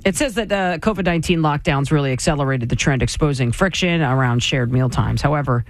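A male co-host moving quickly through short news stories, then pushing back in a skeptical way during the casual chat. His voice sits a little high and is recorded dry and close. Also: dry recording. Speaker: co-host reading news items.

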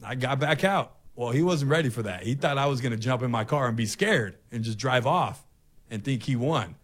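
Animated middle-aged male storyteller. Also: mid-range voice, moderate pace. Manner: animated storyteller, acts out confrontations. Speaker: radio host. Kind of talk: storytelling on a talk show.

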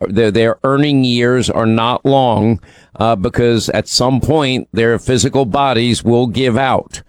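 A man with a medium-pitched, clean voice speaks slowly with no echo. He co-hosts a talk radio show in a studio and hails from New York, meandering through ads and news with plenty of ums and restarts.

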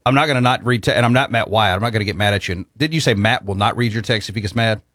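A man's voice: lowish voice, racing, fairly bright tone, no echo, clean studio sound. A man hosting a casual sports talk show, easygoing as he reads out listener texts and chats about college football.

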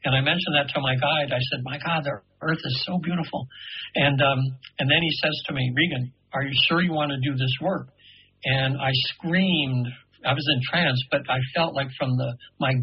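A man in his seventies, a radio guest telling an earnest, meandering story full of halting restarts. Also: medium pitch, breathy edge, lo-fi sound. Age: 70s.

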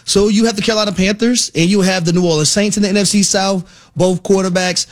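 A man co-hosting a sports talk radio show, giving analysis in a measured, emphatic way from a studio. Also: high voice, steady tone.

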